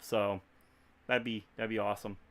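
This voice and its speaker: A man's voice: on the low side, flat delivery, normal speed. A man from Texas with a Texan accent, chatting casually to viewers on a livestream, rambling and laughing easily. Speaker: YouTube creator.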